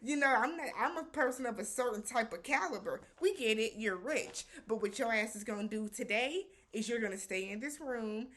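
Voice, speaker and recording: A woman with a slightly higher voice talks through a reality-show episode in a loose, chatty way. She drops into quick impressions of the cast and uses plenty of slang and profanity. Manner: animated, acts out quotes, profanity and slang. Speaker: show recap host. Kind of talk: casual recap commentary.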